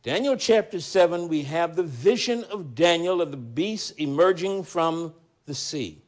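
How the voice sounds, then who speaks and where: A man preaching a sermon, reading scripture aloud with rising emphasis, then dropping into quiet commentary. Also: on the high side, animated, a little slow.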